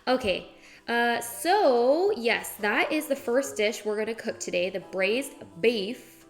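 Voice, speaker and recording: A young woman talks her way through cooking at home for her stream, rambling and chatty with plenty of "like" along the way. Her voice sits a little high, and soft music plays faintly underneath. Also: animated, slow pace. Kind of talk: casual chat while cooking.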